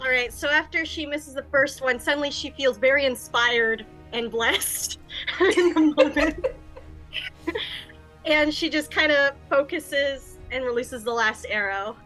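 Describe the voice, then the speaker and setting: A woman playing a tabletop game, slowly describing her character's action with amusement. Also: high-pitched, bright, forceful tone, soft background music, rough recording. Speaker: player.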